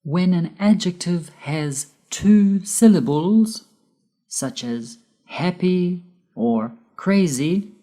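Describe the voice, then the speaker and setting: Slow, low-voiced woman teaching grammar. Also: expressive, warm tone. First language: Spanish. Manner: deliberate, spells out letters, stresses key words. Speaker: English teacher. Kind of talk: slow scripted grammar lesson.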